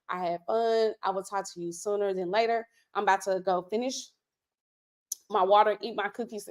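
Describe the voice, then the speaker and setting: A young woman with a somewhat high voice chats to her livestream audience about what she bought. She talks in a loose, slangy, animated way, like catching up with friends. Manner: chatty, slangy, animated and laughing. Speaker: livestream host. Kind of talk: casual livestream chat.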